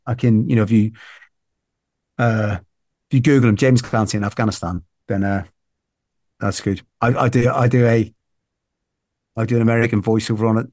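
Recorded dry and at studio quality, this Northern Irish man speaks in a mid-range voice. As a podcast guest in a relaxed interview, he wanders through his thoughts, restarting often and livening up when amused.

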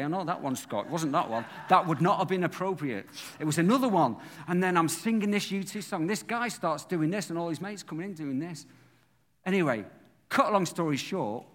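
A man's voice: fairly high pitch, big-room sound. A man, a pastor preaching a sermon who animatedly acts out the scenes of his story.

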